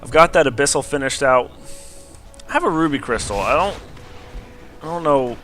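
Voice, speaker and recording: A young man casually commentating a replay of his own match, getting excitable at big plays. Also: mid-range voice, moderate pace, faint music behind. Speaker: gameplay commentator.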